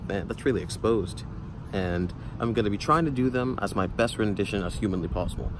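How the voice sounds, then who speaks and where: A man's voice: lowish voice, brisk. A young man vlogging in a casual, rambling way, recorded outdoors. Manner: rambling, filler-heavy. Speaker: YouTuber. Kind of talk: casual vlog talk. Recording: outdoor traffic noise.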